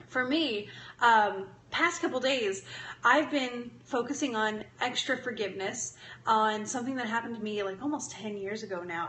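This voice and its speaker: In an echoey room with a faint hum of ambient noise, a young adult woman runs a relaxed live stream sharing daily affirmations. Her voice is high-leaning and fairly bright as she chats warmly with viewers, encouraging them and laughing frequently.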